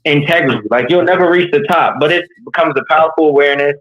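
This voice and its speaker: A man's voice: fairly high pitch, quick pace, highs cut off. A man from New York, a leadership coach, talking candidly and earnestly in an interview, telling personal stories with energy. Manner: earnest, animated storytelling.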